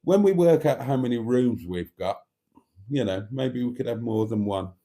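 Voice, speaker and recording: British man, livestream host, reads out chat comments, warm mellow tone, jokey banter. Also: medium pitch, lively intonation, moderate pace. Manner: reads viewer comments aloud and banters back; chuckling, joking, often clears his throat.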